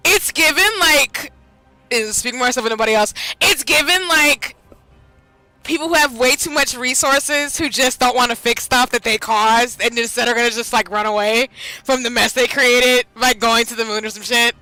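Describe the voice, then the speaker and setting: A woman streaming a game, giving animated, ranting reaction commentary that often breaks into yelling. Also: on the high side, normal speed, no echo, rough recording. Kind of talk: casual live reaction commentary. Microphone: headset or desk mic. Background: game music.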